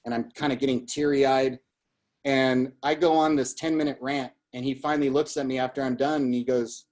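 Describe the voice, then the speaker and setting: A man's voice: mid-range voice, steady tone, moderate pace, darkish tone. Emphatic male motivational coach. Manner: emphatic, repetitive, storytelling. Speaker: guest, business coach. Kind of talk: motivational talk.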